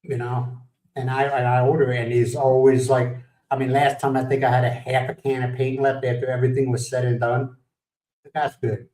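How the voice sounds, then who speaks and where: A man's voice: mid-range voice, little pitch movement, fairly quick, a little mellow, reverberant, far from the mic, poor audio. A man from the United States hosting a livestream, chatting casually, telling rambling stories, laughing and greeting viewers by name. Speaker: livestream host. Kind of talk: casual chat.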